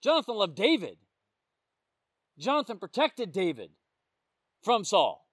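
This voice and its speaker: A man with a fairly high voice delivers a casual sermon, telling stories from his work as a police officer. He keeps it conversational and keeps checking in with the room. The sound is close and dry. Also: wildly swooping pitch, unhurried, no room sound. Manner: conversational storytelling, often checking in with the listeners. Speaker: police officer sharing testimony. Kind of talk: informal sermon.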